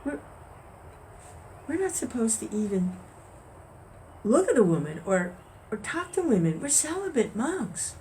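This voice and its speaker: A woman doing a scandalized, shrill monk. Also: sing-song, measured pace, pauses often, dark tone, slight background noise. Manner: high, incredulous outbursts. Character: indignant male monk, scandalized and nagging.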